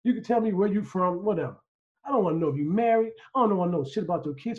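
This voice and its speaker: A man co-hosting a podcast, telling stories in loud, profane, animated banter. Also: high-pitched, racing, dull audio. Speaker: podcast co-host.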